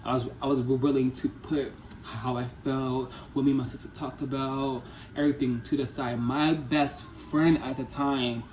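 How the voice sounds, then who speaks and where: A man's voice: mid-range voice, level tone, normal speed, darkish tone. A man in his twenties telling a personal story in a casual vlog, rambling and repeating himself with lots of fillers. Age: 20s. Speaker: vlogger. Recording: echoey room, faint background noise.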